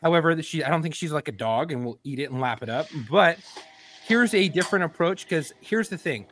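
Blunt higher-voiced male co-host. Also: expressive, fairly quick, a bit bright. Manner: blunt, crude, opinionated. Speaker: podcast co-host. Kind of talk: casual banter.

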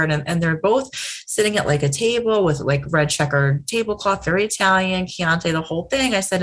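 Interview guest: woman, psychic, deep gravelly voice, loose chatty delivery. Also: brisk. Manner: chatty, many fillers and restarts, acts out quoted exchanges. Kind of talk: conversational storytelling interview.

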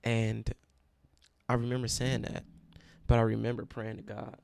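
A man's voice: medium pitch, monotone, moderate pace, gravelly, a little mellow. A young man who leads a college Bible study, telling his own story with emotion and close to tears. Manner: emotional and self-described dramatic, near tears. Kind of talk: personal testimony storytelling.

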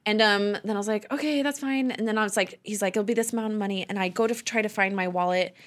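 A woman's voice: medium pitch, steady tone, fast talker. A woman co-hosting a podcast, telling a story in a chatty, casual way. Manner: chatty, laughs along. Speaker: podcast co-host.

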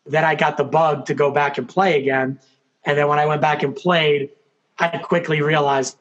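A man telling his story as an interview guest, animated, acting out what people said, with lots of fillers. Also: fairly high pitch, fairly quick. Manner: animated storyteller, acts out quotes, many fillers. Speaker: guest, hockey coach and former player.

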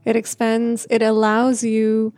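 A woman's voice: a little high, completely flat delivery, slow, no room sound. A woman who stutters, telling a personal story in a reflective way, with repeated words and restarts and frequent laughter. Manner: laughs often, speaks in a gentle, reflective way. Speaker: speaker sharing a personal story.

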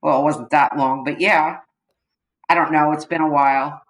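A middle-aged woman speaks in a low voice as a podcast guest. She keeps her replies short and laid-back in a casual chat. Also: steady tone, moderate pace, poor audio.

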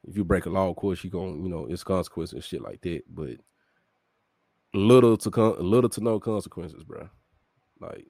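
A man's voice: low voice, mellow, no room sound, studio quality. A man from Memphis with a Southern accent, a podcast guest talking emphatically and profanely in casual chat. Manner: emphatic, profane, calls people fool and bro.

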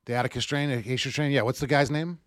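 A man's voice: mid-range voice, fairly even intonation, very fast, fairly bright tone. A man with a Massachusetts accent co-hosting a podcast, blunt and profane in casual chat. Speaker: podcast co-host.

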